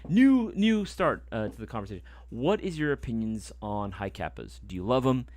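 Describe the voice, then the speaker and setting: A man's voice: on the low side, brisk. A man hosting a live stream, telling stories in casual chat and swearing freely. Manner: animated storyteller, swears freely.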